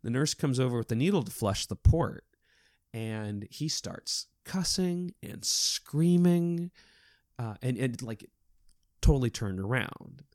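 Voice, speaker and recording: Male guest, lively storyteller, mid-pitched, dry close-miked sound. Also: takes it slowly, no room sound. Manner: animated, lively storyteller with many restarts. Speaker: hospital clown. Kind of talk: podcast interview storytelling.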